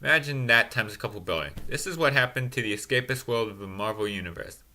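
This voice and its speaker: A man giving a sarcastic, self-mocking comedy recap of a movie in a deadpan, snarky way. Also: mid-range voice, fast talker. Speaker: movie reviewer.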